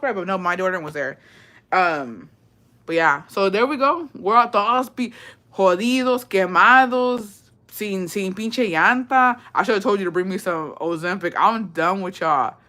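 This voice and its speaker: A young woman telling a story casually to her viewers, swearing freely, dropping in Spanish words and laughing as she goes. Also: mid-range voice. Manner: profane, slangy, mixes in Spanish words; animated retelling, laughs often. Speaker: vlogger.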